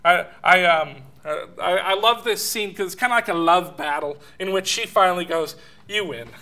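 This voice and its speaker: A man preaching a sermon, telling personal stories with chuckles and at times sinking to a soft hush. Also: sits high, moderate pace.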